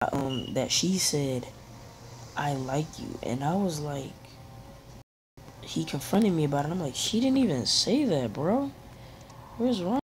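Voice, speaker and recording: A man's voice: a little high, a little mellow, a little hiss or hum, poor audio. A young man tells a casual, rambling story while playing a game, acting out what people said in raised voices. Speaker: gaming video creator.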